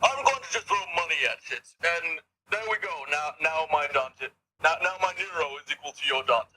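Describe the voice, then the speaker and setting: A smug, upper-class rich gamer who sneers at players too poor to pay, as a man puts him on. He speaks in a lifted, haughty drawl. The tone is bright and forceful. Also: on the high side, expressive, fairly quick, voice pushed up, full character voice. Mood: gloating. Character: smug posh rich male gamer who pays to win.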